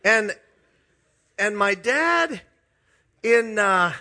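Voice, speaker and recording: Extremely slowly, a middle-aged Minnesota pastor tells chuckling, confessional stories at his own expense during a sermon. His voice is high, expressive, and sharp-toned.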